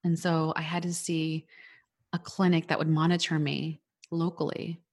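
Woman in her 30s chatting, lowish voice, tells it like a story, fillers and all. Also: normal speed. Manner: animated storytelling with laughs and quoted reactions. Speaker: guest sharing her fertility story. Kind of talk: casual chat.

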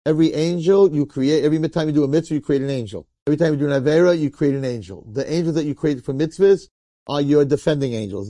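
A man, a rabbi, telling a story in a sermon in a lively, conversational way, acting out the people in it. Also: on the high side, dry recording, clean studio sound. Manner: animated, conversational, acts out quotes.

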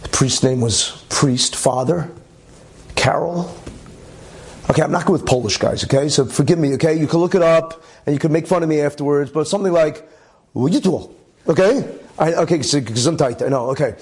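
A man telling a religious story in a lively way, with chatty asides and many okays. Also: on the high side, brisk. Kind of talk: animated storytelling talk.

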